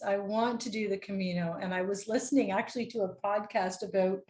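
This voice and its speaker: Brief: enthusiastic woman, mid-pitched, casual chat, echoey room, trails off searching for words. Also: fairly even intonation, a little fast, darkish tone.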